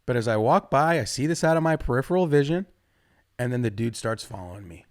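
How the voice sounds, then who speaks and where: Animated, foul-mouthed male stand-up comic. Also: mid-range voice, fast. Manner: profane, rambling, animated delivery with sudden loud jumps. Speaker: stand-up comedian. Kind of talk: stand-up comedy set.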